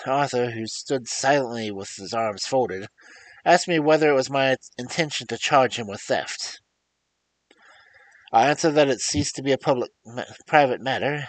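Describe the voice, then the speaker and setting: A man reading a classic story aloud in an expressive storytelling style. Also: mid-range voice, poor audio. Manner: lively expressive reading with rises and drops. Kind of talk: audiobook reading, dramatic storytelling.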